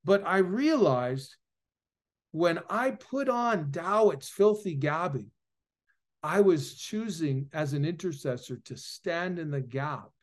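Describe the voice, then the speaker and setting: Speaking slowly with lively intonation, a man who is a preacher and author tells his heartfelt personal testimony as a guest in an interview. His slightly high voice swells louder whenever the story reaches a peak.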